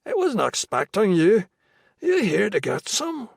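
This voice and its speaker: A man's voice: sits high, huge pitch swings, unhurried, vocal fry, slightly rough, no echo, clean studio sound, pitched above the performer's own voice, exaggerated voice. A man voicing a guarded, evasive Irish drug dealer with a thick brogue, reading a crime audiobook. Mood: wary.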